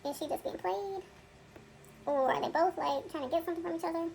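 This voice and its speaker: A woman reads viewer comments aloud and adds chatty asides, laughing often. Her voice sits high and has a gravelly, fry-laden edge. Faint noise hums behind her. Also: fairly quick, darkish tone, low-quality recording. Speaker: reaction video co-host. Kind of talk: casual commentary, reading out comments.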